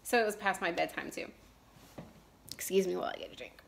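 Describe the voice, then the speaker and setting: A woman in her thirties from Texas, rambling in a casual chat with lots of fillers and restarts, clearing her throat now and then from allergies. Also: on the low side, fast talker, slight background noise. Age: 30s. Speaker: cross-stitch vlogger.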